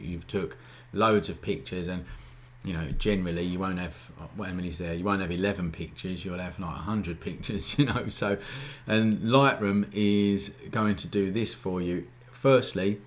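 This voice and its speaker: A low-voiced man runs a casual live-stream photography lesson. He talks in an informal, easygoing way and often tags his points with a quick check-in to the viewers. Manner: chatty, keeps asking "all right?"; informal, relaxed wording. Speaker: photography teacher hosting a live Q&A.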